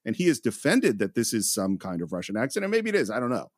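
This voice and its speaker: A man's voice: medium pitch, huge pitch swings, fast talker, no room sound. A man co-hosting a film podcast, sharing his opinions with eager enthusiasm. His voice moves up and down freely, recorded close and dry. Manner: enthusiastic, laughs while giving opinions. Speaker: podcast co-host. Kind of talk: casual movie-review chat.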